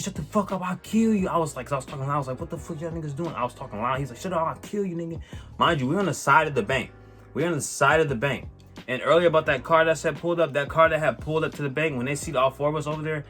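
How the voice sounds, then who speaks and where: A man telling a personal story on his vlog in a casual, animated way, swearing and using lots of slang, with many restarts. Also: medium pitch. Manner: animated, profane, slang-heavy, rambling with restarts. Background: faint music.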